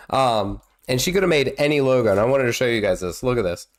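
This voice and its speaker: A man in his thirties with a cold streams a game, rambling and chatting as he reacts with exclamations. His medium-pitched voice is expressive, and he talks fast with few pauses.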